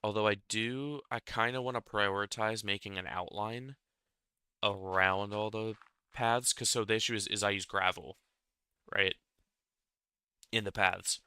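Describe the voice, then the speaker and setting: A man's voice: lowish voice, fairly even intonation, unhurried, long pauses, bright, forceful tone, clean tone, no room sound. A young man chatting casually while he builds in a game, rambling and self-deprecating, often chuckling at himself. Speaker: Minecraft building creator. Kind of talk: casual gameplay commentary.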